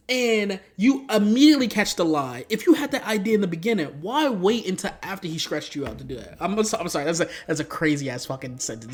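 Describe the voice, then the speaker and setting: A young man giving a casual, rambling, profane film review, full of slang and sudden high-pitched outbursts of disbelief. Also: animated, fast, hardly any pauses. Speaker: YouTube movie reviewer.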